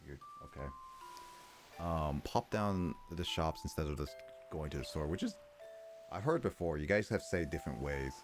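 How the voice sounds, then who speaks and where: A man's voice: extremely low pitch, expressive, normal speed, over music. A man livestreaming a game from home, chatting casually in a rambling, stop-start way with his viewers. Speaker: livestreaming gamer. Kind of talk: casual chat while playing. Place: home room, fan running.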